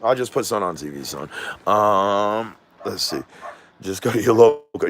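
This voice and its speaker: A man's voice: fairly low pitch, lively intonation, unhurried, a bit bright. A man casually vlogging from his home, rambling and losing his train of thought, with a slangy way of talking and a voice he says is off. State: says his voice is not normal. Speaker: drone vlogger. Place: at home indoors.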